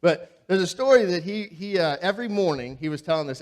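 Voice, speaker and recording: A man's voice: high-pitched, expressive, a little fast, hardly any pauses. A pastor with a slightly raised voice preaches in a church, loose and conversational. He tells funny everyday stories with animation and keeps turning questions back to the listeners. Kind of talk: sermon with humorous storytelling. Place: church sanctuary.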